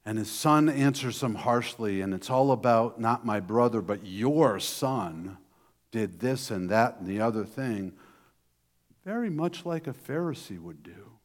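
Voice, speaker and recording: A man preaching a sermon, retelling a parable in an animated storytelling way with frequent restarts. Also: mid-range voice, unhurried, in a large hall.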